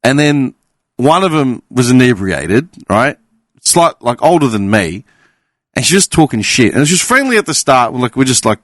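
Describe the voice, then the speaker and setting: A man's voice: medium pitch, normal speed, no room sound. A man telling a sweary story on a casual podcast. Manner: swearing, animated anecdote-telling. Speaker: podcast panelist.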